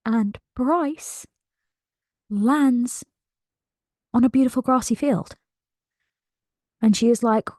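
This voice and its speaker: A woman's voice: a little high, slow, pauses often, dark tone, no echo, studio quality. Gushing woman recapping a book. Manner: gushing and emotional, laughing often. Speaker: book channel host.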